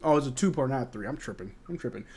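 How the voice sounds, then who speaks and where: This young American host of a live game watch-along is animated, mellow, and a fast talker with a mid-range voice. He reads chat questions and responds to plays in slangy, casual banter, sounding like a frustrated fan.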